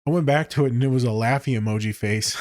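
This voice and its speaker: A man's voice: fast, no room sound, studio quality. Swearing, joking male therapist podcaster. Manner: profane, joking, with frequent swearing; animated, jumps between low mutters and high exclaims. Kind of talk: casual podcast storytelling.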